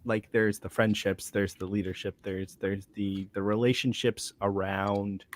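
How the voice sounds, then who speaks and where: A man's voice: lowish voice, level tone, unhurried. A man guesting on a casual book discussion over a video call, thinking aloud with many restarts. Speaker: guest reviewer.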